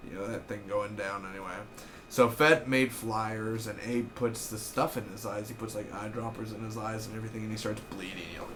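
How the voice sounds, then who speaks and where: A young man in his twenties casually recapping a TV episode, rambling and excitable, swearing freely. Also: lowish voice, brisk, a little hiss or hum. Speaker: TV episode reviewer.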